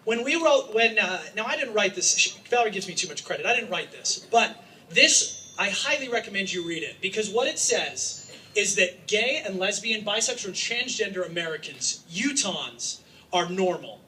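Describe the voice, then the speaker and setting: A man from Utah giving an impassioned, joking public speech to a crowd as an activist, sometimes raising his voice to a shout. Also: sits high, big pitch swings, normal speed. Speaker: activist speaking at a rally. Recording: distant mic with faint background noise.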